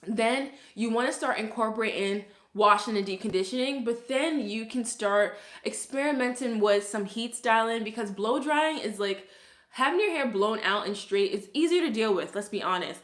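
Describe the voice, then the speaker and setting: Her pitch is fairly high and the recording sounds roomy. She's a young curly hairstylist from Brooklyn, New York, with the local accent, casually talking through a hair tutorial while laughing often and leaning on "like."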